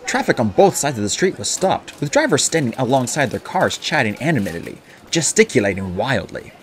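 A man narrating an audiobook with expressive storytelling. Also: medium pitch, fairly quick, slight background noise. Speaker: audiobook reader.

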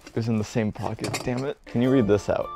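A man hosts an interview, reading out questions with a goofy, awkward deadpan. His voice sits at an ordinary pitch. Light music plays faintly behind him. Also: quick pace, creaky. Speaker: host.

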